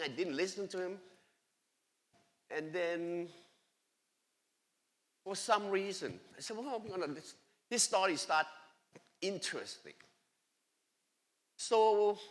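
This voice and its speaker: A man giving an excited, emphatic personal testimony at church, speaking in broken grammar. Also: high-pitched. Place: church sanctuary. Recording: long echoey church hall reverb.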